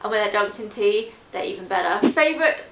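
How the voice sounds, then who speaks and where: A woman's voice: medium pitch, steady tone, fast, a bit bright, reverberant, slight background noise. A young woman from England, chatting casually and self-deprecatingly through a question tag on her fashion vlog. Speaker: fashion vlogger.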